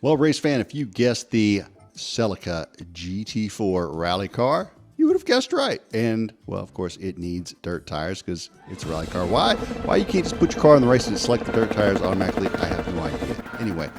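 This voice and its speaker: A man's voice: lowish voice, normal speed, soft background music. A man giving casual, joking commentary over racing game footage. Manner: chatty, joking, lively. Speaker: gaming video host.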